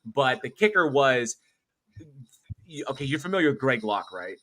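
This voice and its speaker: A man hosting a casual livestream, chatting and getting animated as he tells stories. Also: medium pitch, normal speed. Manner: excitable, animated when telling stories. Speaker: host.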